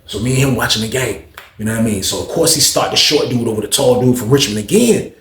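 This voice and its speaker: A young man telling a story in slangy, animated casual talk. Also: medium pitch, quick pace, a little hiss or hum. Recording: roomy echo.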